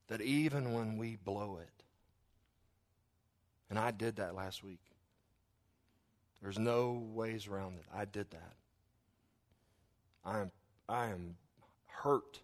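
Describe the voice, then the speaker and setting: A middle-aged man preaching a sermon, earnest and apologetic, growing louder when he stresses a point. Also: on the low side. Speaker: pastor.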